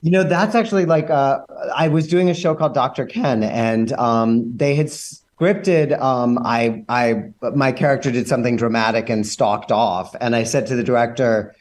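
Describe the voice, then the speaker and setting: A man's voice: mid-range voice, moderate pace, hardly any pauses. Guy actor guest on a talk show, chatty, rambly anecdotes, casual. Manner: animated, rambling anecdotes with fillers. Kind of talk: casual interview chat.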